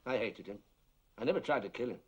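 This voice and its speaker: A grim widower, played by a man, speaks bluntly and with resentment in a film scene. His voice sits at a medium pitch. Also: fast, slightly rough, natural voice. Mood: resentful. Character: grieving, bitter widower who blames another man.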